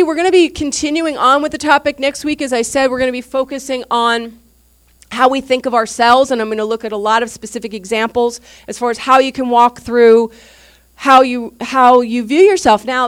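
A woman pastor with a slightly higher voice preaches to her congregation at a church service. Her talk is informal and candid, more like a conversation than a lecture, and she acts out what other people said. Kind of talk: teaching sermon.

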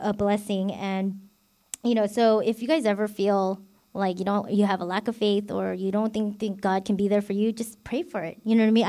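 A woman's voice: mid-range voice, darkish tone. A woman deacon giving an informal bible teaching, chatty and full of fillers like "you know" and "like". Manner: chatty, filler-heavy, self-revealing.

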